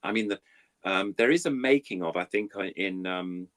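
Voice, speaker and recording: A man's voice: low voice, moderate pace, a bit bright. An older man, a puppeteer, rambling through anecdotes in an interview with many fillers and self-deprecating asides. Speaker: puppeteer guest.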